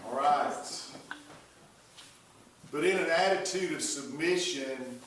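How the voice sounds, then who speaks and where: A man preaching in a slow, unhurried way with a slightly high voice, teasing his listeners between points. His words ring through a big echoey room, picked up from some distance with faint background noise. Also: fairly bright tone. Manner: folksy, joking asides to the congregation. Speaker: pastor. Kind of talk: sermon.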